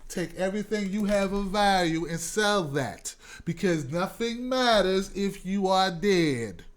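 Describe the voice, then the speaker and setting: Speaking at a measured pace in a high-pitched voice, this US talk show host delivers opinionated commentary. He's emphatic and preachy, addressing his audience directly.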